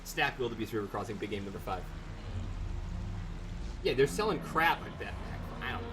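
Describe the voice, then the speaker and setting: A gaming streamer giving rambling let's-play commentary who swears and bursts into excited shouting. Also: medium pitch, normal speed, pauses often, background noise. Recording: game music behind, voice a bit distant from mic. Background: game music.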